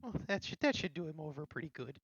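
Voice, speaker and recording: A woman player chats through her healing rolls, her pitch swinging widely while sitting fairly low. Her sound is dry and dull, from a lo-fi mic. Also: sing-song, fast, husky. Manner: chatty, announcing game numbers. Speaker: tabletop game player.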